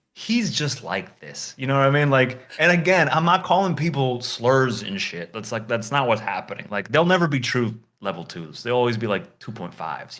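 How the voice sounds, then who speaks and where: A man of ordinary, middle pitch telling a story in relaxed chat. He rambles, leans on filler words and curses casually as he goes. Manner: rambling, heavy on filler words, swears freely.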